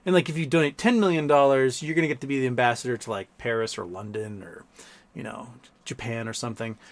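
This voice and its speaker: A man's voice: medium pitch, quick pace. A man hosting a loose livestream, talking off the cuff in a mid-range voice. He wanders from thought to thought and breaks into laughter often as he reads viewer comments. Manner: rambling, laughs often, mimics people in quotes. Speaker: livestream host. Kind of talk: casual livestream chat reading super chats.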